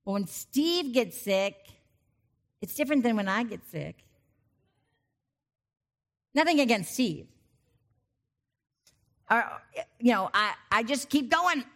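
A middle-aged woman giving a conversational sermon, breaking off into animated asides and personal stories before returning to the text. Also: on the high side, slow, long pauses. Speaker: preacher.

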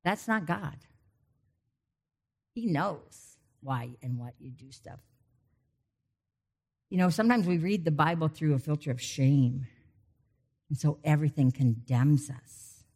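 A woman's voice: sits low, a little slow, pauses often. Chatty middle-aged woman preaching. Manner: chatty, animated asides and personal stories. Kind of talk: conversational sermon.

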